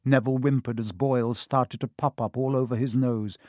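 A man reading a children's novel aloud in a measured, expressive storybook narration. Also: mid-range voice, no echo, studio quality. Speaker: audiobook narrator.

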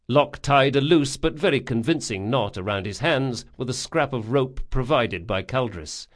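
Male audiobook narrator, mid pitch, expressive and varied delivery. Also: normal speed. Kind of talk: scripted narration.

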